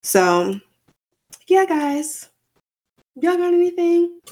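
A woman's voice: extremely high pitch, big pitch swings, drawn-out words, a little mellow. A woman co-hosting a casual podcast, talking candidly and rambling, swearing freely and leaning on "like" a lot. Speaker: podcast co-host. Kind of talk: casual chat.

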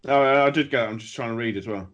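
A man's voice: medium pitch, racing, a bit bright, muffled recording. A man hosting a comedy podcast in casual, blunt and sarcastic banter, swearing freely. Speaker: podcast host.

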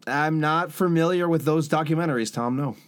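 A man's voice: fairly high pitch, brisk. A man co-hosting a podcast, making dry, sarcastic jabs in casual crude chat. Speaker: podcast co-host.

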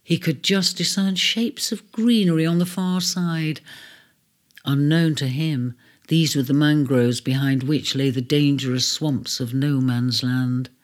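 A storyteller in a gentle, measured reading of a storybook. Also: mid-range voice, fairly even intonation. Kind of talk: storybook narration. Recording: faint music bed under the voice.

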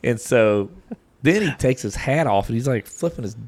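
A man around forty, co-hosting a podcast in loose, casual chat. He tells stories with animated energy and keeps breaking into laughter. His voice sits at an everyday pitch. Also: normal speed. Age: 40s. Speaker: podcast co-host.

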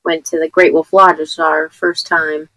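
A woman's voice: low-pitched, little pitch movement, normal speed, bright, forceful tone, rough recording. A woman in her thirties from New Jersey, co-hosting a podcast, rambling chattily and losing her voice. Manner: rambling, chatty storytelling with fillers. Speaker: podcast co-host. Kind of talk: casual chat.

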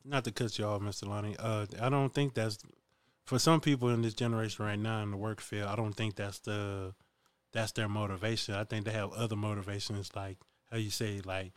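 Low, flat-voiced male podcast host. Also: a little fast, clean tone, dry recording. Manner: easygoing, short agreeing replies. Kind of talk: casual podcast interview.

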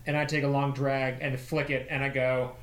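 A man's voice: mid-range voice, flat delivery, normal speed, noisy background. A man plays a tabletop game, joking around as he describes what his character does. His voice echoes a little, with faint room ambience behind him. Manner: joking, playful. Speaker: player.

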